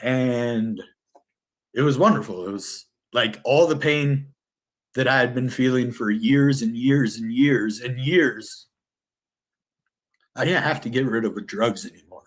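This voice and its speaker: A man's voice: medium pitch, measured pace. A middle-aged man telling his life story to camera in casual, rambling talk, earnest and emotional, with many restarts and self-corrections.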